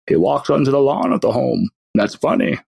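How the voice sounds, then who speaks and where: Animated man running a tabletop game. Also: mid-range voice, normal speed, vocal fry, breathy edge, no room sound. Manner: animated, chatty narration with laughs. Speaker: game master.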